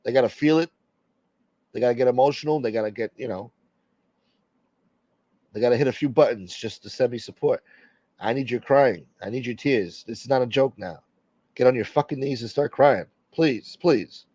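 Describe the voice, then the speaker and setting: A man's voice: mid-range voice, normal speed, pauses often, dark tone, no room sound, dull audio. A man hosting a casual live stream, joking and swearing as he greets viewers by name and asks for support. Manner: profane, joking, reading out viewer names. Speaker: livestream host.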